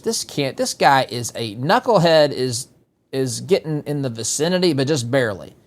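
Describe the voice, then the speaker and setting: Sarcastic, exasperated talk radio host. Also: male voice, medium pitch, animated, moderate pace. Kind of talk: political talk commentary.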